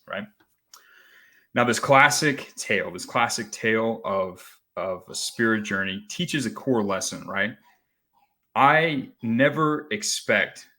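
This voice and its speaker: A man's voice: on the low side, a bit bright. A man from the Rocky Mountain region of the US hosting a morning motivational call, telling a story in a conversational way with frequent asides and restarts. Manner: conversational, repeats "right?", restarts phrases.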